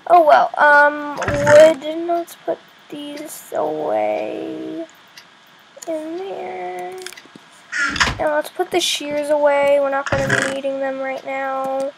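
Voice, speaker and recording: A high-voiced female gaming YouTuber talks her way through a game, chatty and easily excited. Her voice carries a gravelly fry, and faint noise sits behind the recording. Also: takes it slowly. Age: young girl per page; adult voice unsure. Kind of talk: game commentary.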